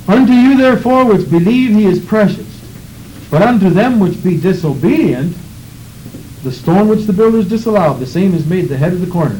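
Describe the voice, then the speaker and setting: A man preaching with fervor, his high voice swooping widely between phrases as he reads scripture and prays. The tone is mellow and soft-edged. A faint hiss of church background sits behind him. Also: rough recording. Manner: fervent, rhythmic preaching with scripture reading. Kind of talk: sermon.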